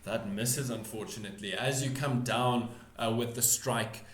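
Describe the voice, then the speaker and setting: A man's voice: mid-range voice, normal speed, reverberant. A man running a tabletop game as game master, narrating combat with many restarts and self-corrections.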